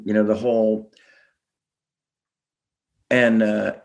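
A middle-aged man, a band singer and songwriter, telling rambling, animated stories with self-deprecating jokes in a casual interview. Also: fairly low pitch, slow pace, vocal fry.

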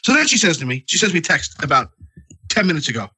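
A man's voice: on the high side, sing-song, quick pace, bright, forceful tone, breathy edge, dry recording. A man hosting a podcast, telling a long comic story full of profanity while congested. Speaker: podcast host. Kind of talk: casual podcast chat.

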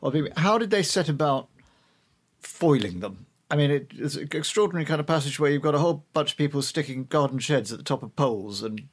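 A man's voice: on the high side, lively intonation, fast, husky. A man hosting a book podcast, asking thoughtful, informal questions of his guest. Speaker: podcast host and interviewer. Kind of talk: conversational podcast interview.

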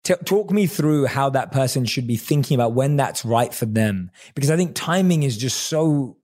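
A man's voice: medium pitch, expressive, moderate pace, darkish tone. A man hosting an interview podcast, chatting casually and enthusiastically, often restarting his sentences as he rambles. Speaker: podcast host.

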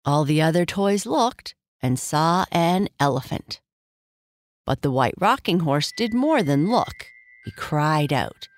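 A woman gently reading a children's story aloud in an expressive, unhurried way. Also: deep voice, a little hiss or hum.

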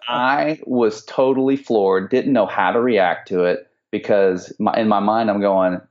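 A man's voice: on the low side, a little slow, highs cut off. A man coaching real estate students, telling stories in a rambling way with many restarts, on a call recording. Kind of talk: casual podcast chat.

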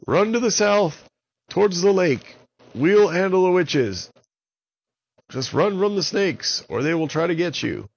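A man voicing a young boy wizard in a children's story who calls out commands loudly. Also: high voice, expressive, measured pace, gravelly, breathy edge, dull audio, pitched above the performer's own voice, exaggerated voice. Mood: urgent.

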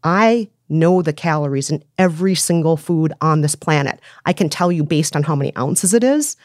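Low-voiced chatty woman podcast host. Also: expressive, moderate pace, no room sound, studio quality. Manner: empathetic and chatty, with emphatic repetition. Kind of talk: casual advice chat.

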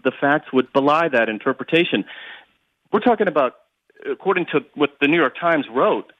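A male guest analyst explaining things in a measured, steady way. His voice is bright and forward, and the sound is dry. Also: mid-range voice, dry recording, poor audio.

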